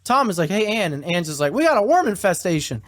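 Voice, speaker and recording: A man co-hosting a podcast, casually recapping a story and quoting its characters in a flat, offhand way, swearing now and then. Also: high voice, quick pace, no room sound, clean studio sound. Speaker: podcast co-host.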